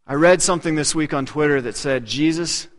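High-voiced preacher in a reverberant hall. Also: male voice, fairly quick. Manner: earnest preaching, dropping to a hush on key points. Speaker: pastor. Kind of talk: sermon.

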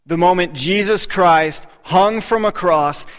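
A man in his thirties preaching a sermon, earnest, often dropping to a hushed voice to press a point. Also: high-pitched, takes it slowly, few pauses, smooth. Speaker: pastor. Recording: long hall reverb.

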